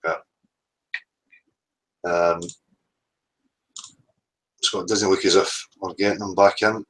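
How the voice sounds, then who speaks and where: Scottish man hosting a livestream, a bit low, loose and hesitant. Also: steady tone, slow pace, a bit bright, poor audio. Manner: rambling, hesitant with many ums. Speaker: livestream host. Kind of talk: casual live chat sign-off.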